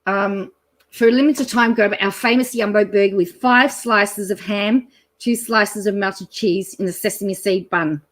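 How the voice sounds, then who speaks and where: A middle-aged Australian woman talking casually to her viewers, full of ums and asides. Her voice sits in an ordinary middle range, rambling and easygoing, with bursts of excited laughter. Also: mid-range voice, unhurried. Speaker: channel host. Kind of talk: casual chat reading a menu aloud.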